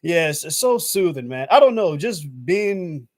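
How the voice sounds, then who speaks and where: A man's voice: on the high side, measured pace, no echo, studio quality. Chatty American man, casual stream. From United States. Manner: loose and chatty, lots of "man" and "I was like"; animated when acting out his own past thoughts. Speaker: YouTube channel host. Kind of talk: casual live-stream chat.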